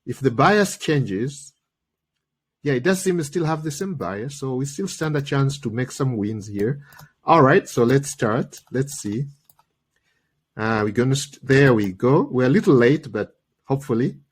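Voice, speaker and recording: A man's voice: medium pitch, expressive, measured pace, breathy edge. Chatty man coaching a live trade. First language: not English. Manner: chatty, peppers talk with "okay?" and "guys". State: recovering from a cold, voice slightly worn. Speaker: trading coach and livestream host. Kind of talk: live trading tutorial.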